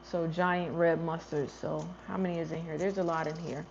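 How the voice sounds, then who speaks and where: A woman's voice: low-pitched, little pitch movement, normal speed, vocal fry, a little mellow, slight background noise. A woman hosting a gardening livestream in casual chat, answering viewer comments and thinking aloud as she goes. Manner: chatty, thinks aloud, trails off and restarts. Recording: slightly dull lo-fi livestream audio.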